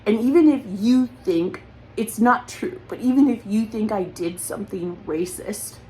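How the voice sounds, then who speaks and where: A woman's voice: mid-range voice, normal speed, dark tone, a little hiss or hum, low-quality recording. A woman speaking in an emotional personal monologue, accusatory and repetitive, holding back tears. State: close to crying.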